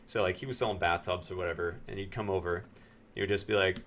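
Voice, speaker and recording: A man from Pennsylvania, a game streamer, telling a story in a casual, animated way and acting out other people's lines. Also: deep voice, fast, slight background noise.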